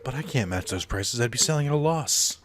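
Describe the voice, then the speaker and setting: A man's voice: medium pitch, animated, a little fast, a bit bright, faint music behind, pitched above the performer's own voice, lightly acted. A man voicing a friendly, worried small-town shopkeeper in a video game, earnest and plaintive.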